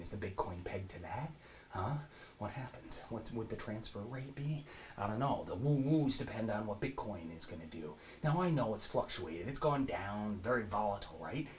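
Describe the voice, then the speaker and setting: A man playing a brash, profane finance show host in an improvised comedy monologue, rambling and boastful, swinging between loud laughing shouts and low mutters. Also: background noise, natural voice.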